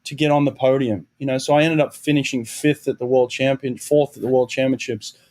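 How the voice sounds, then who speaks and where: A man's voice: medium pitch, fairly even intonation, brisk, darkish tone. A middle-aged Australian man, a swim coach and guest, speaks candidly and reflectively in a podcast interview, restarting phrases and adding "you know".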